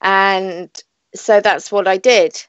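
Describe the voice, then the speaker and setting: A woman's voice: medium pitch, fairly even intonation, slow pace, smooth, no echo, highs cut off. A British woman hosting a live online radio show, talking in a chatty, rambling way and laughing often. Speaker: radio show host and psychic reader.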